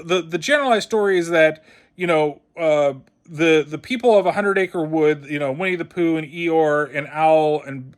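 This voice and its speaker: Blunt, foul-mouthed man with a higher voice. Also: fairly bright tone. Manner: blunt and heavily profane; scornful, mocking tone. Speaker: horror film reviewer. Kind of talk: casual spoken film review.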